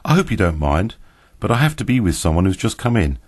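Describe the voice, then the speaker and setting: A man's voice: on the low side, big pitch swings, brisk, slightly rough, dry recording, studio quality. A man voicing a smug, glib American man who needles others, in a storybook reading.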